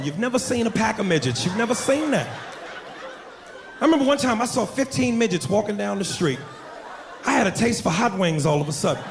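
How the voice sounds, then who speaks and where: A man's voice: sits high, gravelly, background noise. A man doing a brash, profane stand-up set on a comedy stage before a live audience. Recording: live club mic, crowd laughter.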